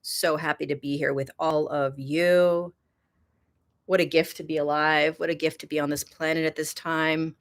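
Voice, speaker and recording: A woman hosting a casual spiritual livestream, chatty, greeting viewers by name and swinging from soft to excited. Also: low-pitched, normal speed. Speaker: host. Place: indoors in Kenya.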